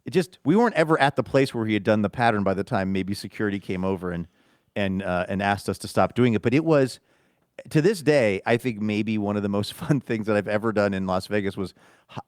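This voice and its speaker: A man's voice: on the low side, a little fast, no echo, clean studio sound. A man co-hosting a podcast, telling a rambling, self-amused story in casual chat. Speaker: podcast co-host.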